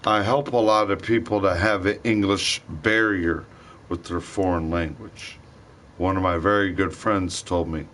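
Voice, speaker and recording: A man's voice: deep voice, steady tone, measured pace, a bit bright. A man rambling loosely in a casual monologue, drifting and repeating himself. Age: young adult or older. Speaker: vlogger.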